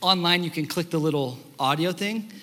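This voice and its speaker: Animated young male pastor in a reverberant hall. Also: on the high side, normal speed. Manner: animated storytelling, acts out quotes. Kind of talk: sermon. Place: church sanctuary.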